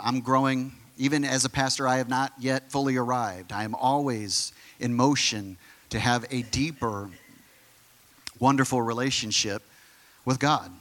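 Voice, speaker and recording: Bright-voiced man preaching a casual sermon. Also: medium pitch. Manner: conversational preaching with fillers and rhetorical questions. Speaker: pastor.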